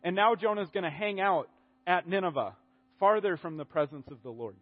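A man preaching a sermon in a conversational, animated way, often restarting his sentences. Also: sits high, brisk, narrow, tinny audio.

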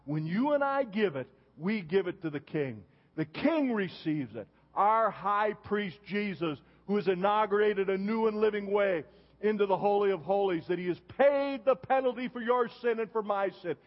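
High-voiced older pastor preaching in a reverberant hall. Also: male voice, animated, moderate pace. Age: 70s. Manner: storytelling preacher, punctuating with "huh?". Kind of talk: sermon. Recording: dull long reverb of a church hall.

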